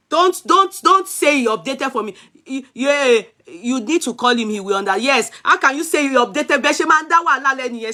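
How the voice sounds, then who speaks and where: Young Nigerian woman, Yoruba-speaking accent, gossip host, high bright voice, animated and scolding, code-switching. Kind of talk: livestream gossip chat.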